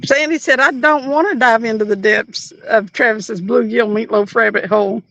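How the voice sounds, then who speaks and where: A woman's voice: fairly high pitch, normal speed, creaky, fairly bright tone, no room sound. A woman hosting a fishing livestream from a boat, chatting casually, giggling often and reading viewer comments aloud. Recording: dull muffled audio.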